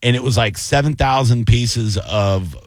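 Animated man telling stories on radio. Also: medium pitch, measured pace, no echo. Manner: animated storyteller, swears casually. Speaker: radio co-host, comedian. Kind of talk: casual radio chat. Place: radio studio.

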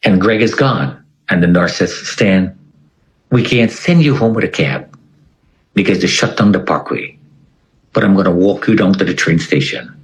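A man's voice: low-pitched, lively intonation, normal speed, poor audio. A man telling a personal story in conversation, acting out other people's lines. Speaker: interview guest.

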